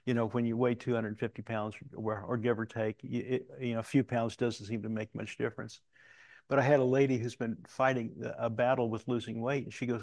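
A middle-aged man from Alaska preaching a sermon, telling folksy stories with halting restarts. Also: mid-range voice, level tone, gravelly, a little mellow, dry recording. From Alaska, USA. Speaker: pastor.

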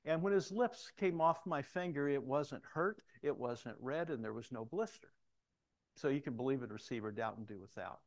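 A man's voice: mid-range voice, vocal fry. A middle-aged man preaching a sermon, telling personal stories and acting out the voices of people he quotes. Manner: storytelling, acts out voices in quoted lines.

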